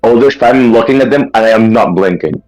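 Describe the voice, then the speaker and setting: A man taking part in a tabletop game, chatting and rambling as he describes his moves. His voice is very low and sounds dry and close, with no room echo. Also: lively intonation, quick pace, darkish tone, soft background music. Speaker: player. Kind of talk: casual tabletop role-play.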